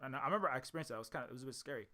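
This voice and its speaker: A man's voice: mid-range voice, racing, pushed and bright. A man from Hawaii giving a rambling solo commentary, repeating himself and checking in with "right?" after each point. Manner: repetitive, restarts often, ends points with "right?". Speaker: indie game developer talking to his audience.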